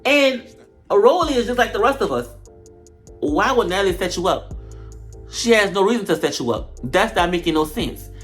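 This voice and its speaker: A woman giving blunt, slangy commentary on a reality show, swinging between loud outbursts and low mutters. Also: moderate pace, long pauses, faint music behind. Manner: animated, blunt, slangy trash talk. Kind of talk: casual reaction commentary.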